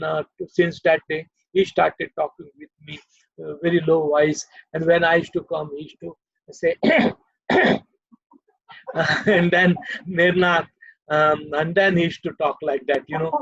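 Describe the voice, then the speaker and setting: An older man with an Indian English accent reminisces as a guest, his fairly high voice carrying a gravelly edge. He rambles along, leaning on "you know" and plenty of fillers. The sound is dull and lo-fi, like audio from an online call, with no room echo. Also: little pitch movement, normal speed. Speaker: guest storyteller. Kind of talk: casual reminiscing. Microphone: video call.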